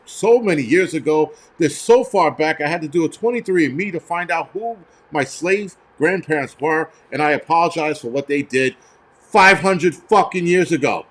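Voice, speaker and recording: A man's voice: a little high, animated, normal speed, a bit bright. A man hosting a live stream, ranting bluntly and profanely with many fillers while answering viewers in the chat. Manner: reads out viewer donations and chat. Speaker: livestream host.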